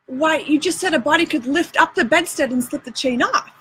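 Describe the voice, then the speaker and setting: A woman's voice: sits high, fairly quick, a bit bright, voice pushed up, poor audio. A woman reading aloud and voicing a bossy, show-off boy adventurer in a drawling folksy dialect. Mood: lecturing.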